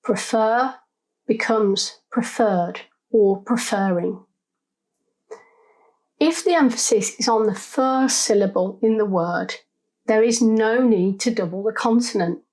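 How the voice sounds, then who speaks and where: A woman giving scripted spelling lessons, sounding out syllables slowly and deliberately. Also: fairly high pitch, a little mellow, low-quality recording. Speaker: English spelling teacher. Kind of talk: scripted instructional narration.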